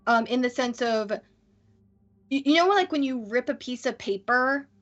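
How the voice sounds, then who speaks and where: A woman narrating a tabletop game as game master, pausing often and using many fillers. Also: high-pitched, a bit bright, dull audio. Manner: hesitant, full of fillers.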